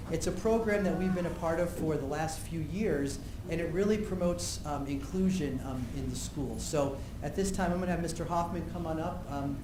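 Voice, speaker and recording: Man, school administrator, slightly higher voice, halting with many ums, echoey room, clear background noise. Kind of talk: presentation at a school board meeting. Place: public meeting room.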